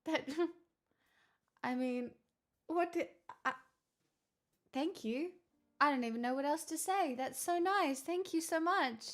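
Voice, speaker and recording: A woman's voice: high-pitched, takes it slowly, long pauses. A woman chatting casually on a live stream, answering viewer messages in a chatty, matter-of-fact, self-mocking way.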